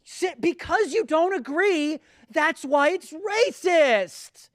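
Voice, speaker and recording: A man voicing a shrill, indignant accuser in a mocking parody, high-pitched and insistent. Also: expressive, takes it slowly, a bit bright, no echo, clean studio sound, exaggerated voice. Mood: accusing. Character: shrill indignant woke accuser, adult, self-righteous.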